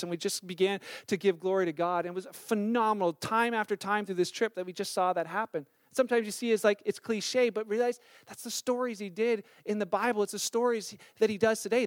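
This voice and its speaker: A man's voice: high-pitched, no room sound, studio quality. A man sharing a mission-trip testimony with a church in a casual storytelling way. He acts out the dialogue of the people in his story.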